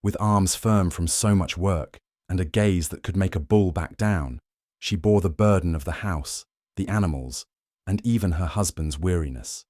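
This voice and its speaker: A man narrating a scripted moral fable in a measured, dramatic way. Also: low-pitched, a little mellow, no room sound, clean studio sound.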